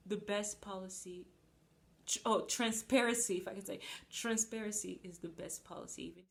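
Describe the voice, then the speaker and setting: A woman's voice: mid-range voice, moderate pace, creaky. A woman preaching a sermon, earnest and emphatic, acting out little asides.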